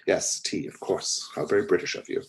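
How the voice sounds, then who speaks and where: A man's voice: low voice, brisk, husky. Man doing a fawning young doorman.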